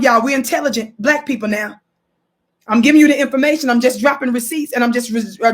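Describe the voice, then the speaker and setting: Emphatic woman livestreaming to viewers. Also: high voice. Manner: emphatic, addresses viewers directly, repeats key quotes. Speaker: livestream host. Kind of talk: live commentary reading from a book.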